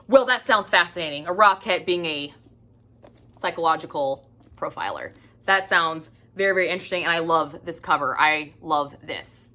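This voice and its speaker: Chatty bright-voiced woman book vlogger. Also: sits low, moderate pace. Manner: chatty, gushing, doubles her words for emphasis; casual, with the odd swear word. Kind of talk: casual book review chat.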